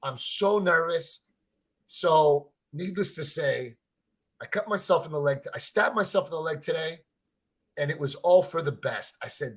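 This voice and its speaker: A man with a husky, slightly high voice talks through a live fan reaction stream. He tells stories in a rambling, excited way, stumbling over repeated words and swearing freely. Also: moderate pace. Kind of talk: excited casual chat.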